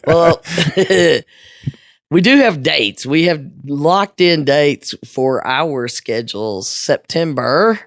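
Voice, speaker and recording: A woman co-hosts a podcast in easy, casual conversation. Her pitch moves up and down a lot. She sounds low-key and often restarts her sentences, recorded close and dry. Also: lively intonation, extremely slow, dry recording. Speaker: podcast co-host. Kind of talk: casual chat.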